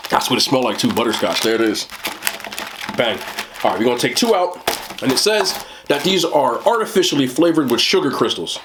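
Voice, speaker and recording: A man's voice: mid-range voice, very animated, fairly quick, noisy background. A man with a New Jersey accent doing a casual food review, blunt, profane and joking.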